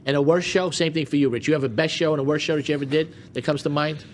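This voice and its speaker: A man hosting a podcast, interviewing comedians with quick, prodding questions. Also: a little high, fairly even intonation, a little hiss or hum. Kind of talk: interviewing guests.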